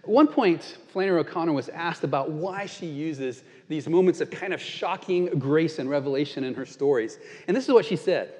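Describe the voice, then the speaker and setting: A man's voice: on the high side, normal speed, hardly any pauses, a little mellow, long reverb tail. A male pastor giving a sermon, telling a story in an earnest, conversational way.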